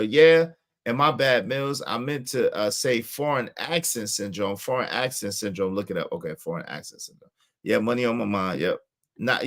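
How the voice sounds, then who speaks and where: Bright-voiced man hosting a chatty live stream. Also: lowish voice. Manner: chatty, repeats phrases, gives shout-outs. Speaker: stream host reacting to clips. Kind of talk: casual live-stream commentary.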